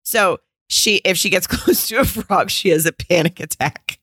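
A woman co-hosting a podcast in casual chat, candid and quick to laugh, swearing freely. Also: on the low side, fairly bright tone, slightly rough, no room sound, studio quality. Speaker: podcast co-host.

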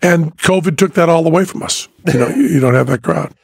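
Gravelly, husky man with a jokey manner. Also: on the high side, brisk, dry recording, studio quality. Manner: loud laughs, jokey. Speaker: podcast host. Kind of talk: casual chat.

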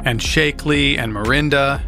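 A man's voice: mid-range voice, moderate pace, pushed and bright, soft background music. A man co-hosting and narrating the story in a dry, joking way. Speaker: podcast co-host. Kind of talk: narration with banter.

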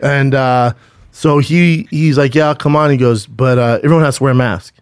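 A man's voice: mid-range voice, moderate pace, smooth, no echo, studio quality. A middle-aged man co-hosting a podcast, telling stories in a rambling, profane, casual way with lots of restarts. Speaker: podcast co-host. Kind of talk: casual chat.

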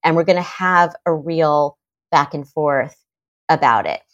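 A woman's voice: low voice, a little slow, highs cut off. A middle-aged woman psychotherapist in a podcast interview, talking animatedly and acting out parents' voices. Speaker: psychotherapist guest.

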